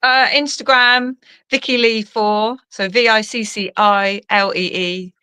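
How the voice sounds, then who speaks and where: A cheeky London woman trading quick banter as a podcast guest. Her voice is bright and forceful at a mid pitch, and she laughs easily. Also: fairly even intonation, clear, resonant tone, dry recording. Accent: London English. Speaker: dancer and fitness coach guest. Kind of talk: casual interview chat.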